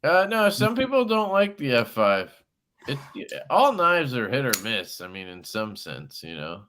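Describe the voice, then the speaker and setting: A man's voice: medium pitch, big pitch swings, unhurried, fairly bright tone, a little hiss or hum. A man hosting a casual livestream chat, talking in a laid-back way with frequent fillers and casual swearing. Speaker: host of a knife livestream.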